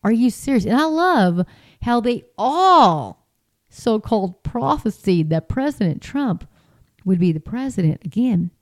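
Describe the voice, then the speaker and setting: A woman's voice: a little high, very animated, unhurried. A woman talking in a casual, rambling way, full of fillers and restarts, sounding exasperated and incredulous. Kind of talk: casual commentary.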